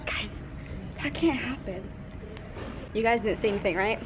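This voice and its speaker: A woman vlogging casually to camera, bubbly and excitable, often gasping and giggling as she talks. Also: a little high, normal speed. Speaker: vlogger and streamer. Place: home room, then an airport terminal. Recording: noisy handheld vlog audio.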